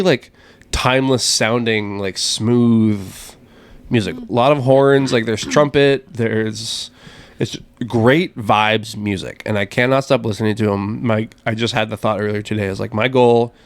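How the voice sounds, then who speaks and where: A man's voice: lowish voice, normal speed, no room sound. A man co-hosting a book podcast in casual chat, rambling with lots of fillers and enthusiasm. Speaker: podcast co-host.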